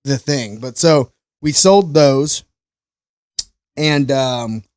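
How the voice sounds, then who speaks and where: A man's voice: medium pitch, very slow, smooth, no echo. Guy from st louis telling funny stories, acts out the voices, dead dry room, cusses a lot. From St. Louis, USA. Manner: animated storyteller, acts out quoted voices, laughs often, swears casually. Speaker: podcast guest. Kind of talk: casual storytelling chat.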